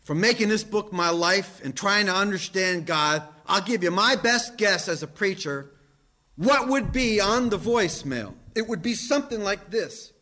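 Animated high-voiced male preacher. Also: moderate pace. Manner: emphatic preaching, swings from loud to hushed. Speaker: pastor. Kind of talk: sermon.

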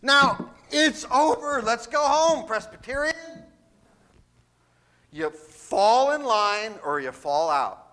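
A man's voice: very high voice, animated, takes it slowly, bright, forceful tone. A man, a pastor, preaching a sermon in a folksy, emphatic way with jokes.

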